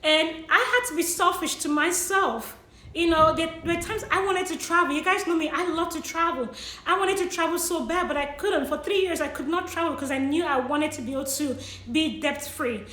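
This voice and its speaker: A young woman speaks to her viewers in a high, tearful voice, sniffling as she talks. She keeps apologizing and laughs through the tears. The room has a noticeable echo. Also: moderate pace, sharp tone. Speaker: vlogger sharing money tips. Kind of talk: emotional personal vlog.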